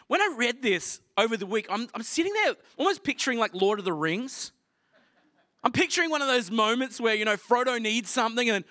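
A male preacher retells a scripture story in a lively, casual storytelling manner. His voice sits high and bright. The sound is close and dry. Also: a little fast, no room sound. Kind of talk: sermon.

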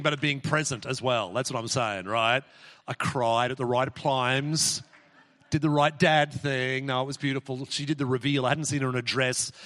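A middle-aged man preaching a sermon from the front of a church, praying and telling family stories in an animated, exclamatory way with many restarts. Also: medium pitch. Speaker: pastor. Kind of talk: sermon with prayer and personal stories. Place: church hall. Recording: long hall reverb in church.

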